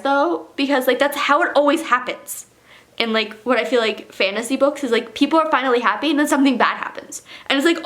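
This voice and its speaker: A woman book vlogger reading aloud and chatting casually in between, excitable, full of swearing and filler words. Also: sits high.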